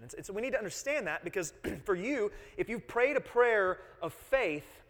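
A man's voice: high-pitched, sing-song, normal speed, few pauses, a bit bright. A man in his thirties preaching a sermon, earnest, explaining and repeating key phrases and putting questions to the congregation. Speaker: pastor. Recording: long hall reverb.

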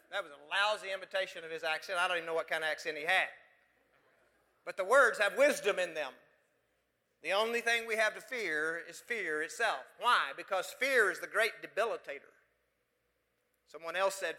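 A man's voice: high-pitched, normal speed, sharp tone, big-room sound. A pastor from West Texas, preaching a sermon full of emphatic rhetorical questions to his congregation.

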